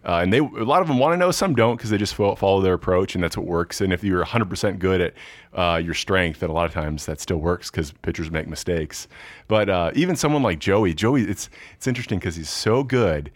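A young adult man, a baseball pitcher, chatting earnestly and cheerfully as a podcast guest. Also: animated, a little fast, dry recording. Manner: friendly, earnest, frequent restarts and laughs. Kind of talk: casual interview chat.

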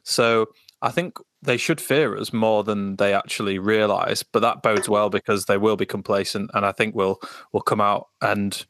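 A man's voice: fairly low pitch, steady tone, moderate pace, a bit bright, dry recording. Upbeat English man, dry close sound. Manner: upbeat, laughs often, stumbling restarts. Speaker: podcast co-host. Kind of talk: casual chat.

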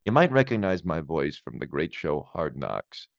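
A menacing middle-aged tough guy, put on by a man, speaking very low and quiet with a gravelly swagger. The sound is close, dry and slightly dull. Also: very animated, moderate pace, no echo, full character voice. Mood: gruff.

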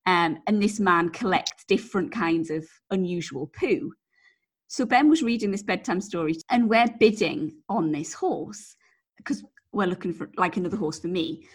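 On a podcast she co-hosts, a woman rambles through an anecdote in casual chat, peppering it with "like" and swearing freely. Her husky voice is on the low side, expressive, and delivered at a normal speed.

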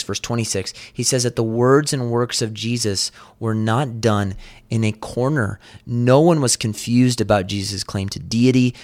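A man preaching a sermon, retelling a scripture passage vividly and earnestly. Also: fairly low pitch. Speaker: pastor.

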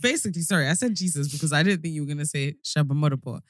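A woman's voice: sits low, very fast, dry recording. London woman, podcast co-host, playful and laughing, dry close mic. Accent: London English. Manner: playful, laughs often, teasing. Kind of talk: casual chat.

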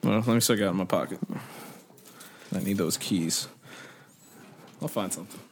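A man's voice: low-pitched, normal speed, breathy edge. A young man co-hosting a podcast, joking and teasing in casual chat and retelling a comedy bit with impressions. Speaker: podcast co-host.

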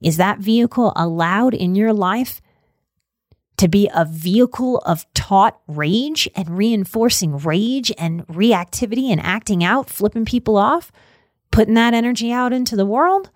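A woman's voice: mid-range voice, animated, unhurried, no echo, clean studio sound. A woman giving a motivational self-help talk, earnest and coaching, reading out affirmations.

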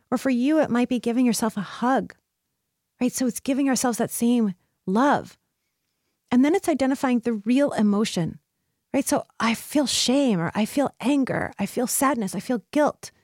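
A woman with a fairly high voice talks through her solo podcast in an earnest, encouraging way. She slips into quoted inner voices along the way. The recording is close and dry, with almost no room sound. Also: a little mellow, dry recording. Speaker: podcast host.

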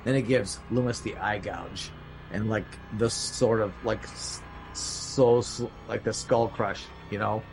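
A man's voice: lowish voice, steady tone, a little slow, music in the background, poor audio. Rambling man recapping a horror film. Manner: rambling, many fillers, acts out quotes. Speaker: podcast host.

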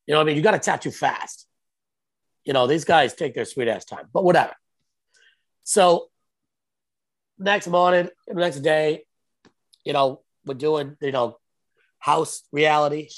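A man telling a profane, animated story in casual chat, acting out what each person said. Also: a little high, measured pace, pauses often. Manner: profane, animated, quotes himself and others. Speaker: podcast guest, tattoo artist.

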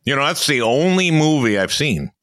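An older man from Minnesota hosting a casual chat, telling stories in an animated way and laughing often. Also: medium pitch, moderate pace, no room sound. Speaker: podcast host.

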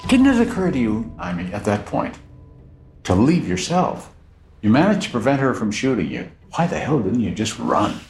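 A man's voice: fairly low pitch, sing-song, moderate pace, a little mellow, soft background music. A man interviewing a witness, asking probing questions in a blunt, skeptical way.

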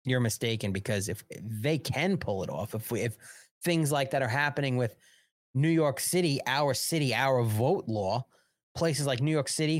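A man's voice: mid-range voice, dry recording, studio quality. A man hosting a live political talk show, delivering emphatic, repetitive commentary laced with swearing.

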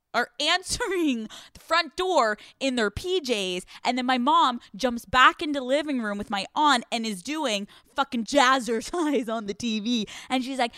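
With a high, bright, forceful voice, a young Pennsylvania woman hosts a podcast, meandering through crude comedic bits while cursing freely and laughing often. The studio-quality recording has no echo.

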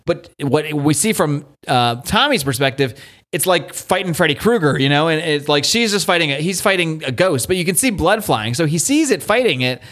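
A man's voice: fairly high pitch, lively intonation, normal speed, a bit bright. A man hosting a podcast, casually and animatedly retelling a comic's plot and swearing now and then. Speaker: podcast host. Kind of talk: casual chat recapping a comic.

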